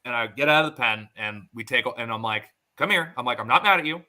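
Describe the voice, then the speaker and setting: Bright-voiced man telling animated stories. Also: medium pitch, fast talker. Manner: animated storyteller acting out quotes. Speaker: podcast host. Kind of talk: casual podcast chat.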